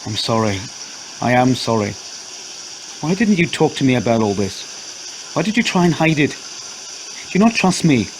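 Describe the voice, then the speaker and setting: A man voicing an exasperated husband who shouts commands and then pleads. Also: mid-range voice, sing-song, measured pace, long pauses, background noise. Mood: pleading.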